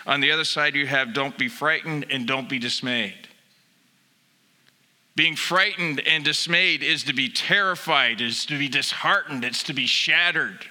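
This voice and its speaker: A male pastor with a very bright, slightly high voice delivers an animated sermon. He tells stories with lively acted-out asides and builds to emphatic exhortations. His voice rings out with a long hall reverb behind it. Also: a little slow.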